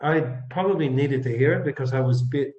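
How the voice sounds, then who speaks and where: A man, an interview guest, telling a personal story in an earnest, halting way, often dropping to a soft, hushed tone. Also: mid-range voice. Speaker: guest, empathy coach. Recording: roomy, dull lo-fi sound.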